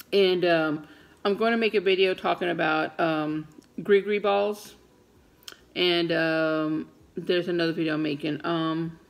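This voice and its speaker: A woman's voice: on the low side, gravelly. A middle-aged woman, chatting casually and dramatically to her vlog viewers from home. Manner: animated, dramatic storytelling. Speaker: vlogger.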